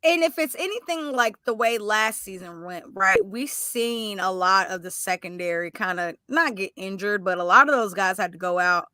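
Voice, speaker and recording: A woman co-hosting a podcast, chatting about football in a talkative, animated way and correcting herself as she goes. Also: mid-range voice, moderate pace, hardly any pauses, dry recording. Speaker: podcast co-host. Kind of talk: casual sports chat.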